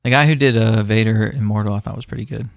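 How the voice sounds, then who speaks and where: Man podcast co-host, gravelly, flat delivery, rambling with fillers, dry sound. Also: on the low side, fast, no room sound. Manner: rambling, many fillers and restarts. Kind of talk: casual chat.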